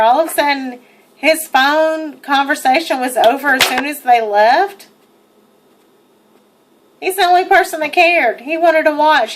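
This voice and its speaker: A young woman giving an indignant, emphatic first-person account while narrating over video, swearing freely. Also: sits high. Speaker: person narrating her own arrest footage.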